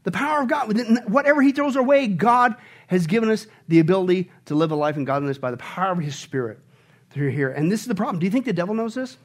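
Pastor preaching with an animated, call-and-response style and a high voice that swings widely. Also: male voice, quick pace. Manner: animated, asks the congregation questions, jokes. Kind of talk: sermon.

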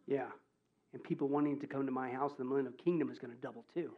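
A man preaching a sermon as pastor, joking and animated, swinging from loud exclamations to hushed asides. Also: mid-range voice, rapid-fire, phone-quality sound.

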